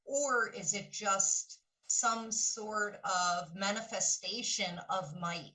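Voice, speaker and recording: A middle-aged woman caller from the Philadelphia area recounts a dream with earnest, vivid storytelling. Her voice is bright and forward, middling in pitch, and sits a little far from the microphone. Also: takes it slowly.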